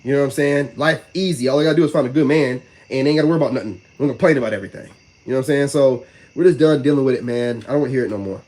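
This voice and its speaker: Fast-talking man rambling to his viewers. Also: medium pitch, a little mellow. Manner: rambling, repeats "you know what I'm saying"; fast, loose slang-heavy speech. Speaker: vlogger talking to live chat. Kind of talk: casual live-stream talk.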